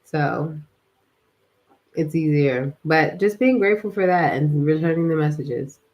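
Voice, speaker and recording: A woman's voice: low-pitched, a little slow, a little mellow. A young woman, tired from a workout, hosting a casual spiritual livestream, rambling with lots of fillers and slang. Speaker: livestream host.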